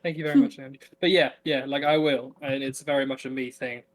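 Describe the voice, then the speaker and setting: A man's voice: mid-range voice, steady tone, fast talker. A young man co-hosting a casual podcast, talking loosely with lots of restarts and trailing asides. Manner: rambling, self-interrupting, many fillers and restarts. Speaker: podcast co-host. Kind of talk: casual chat.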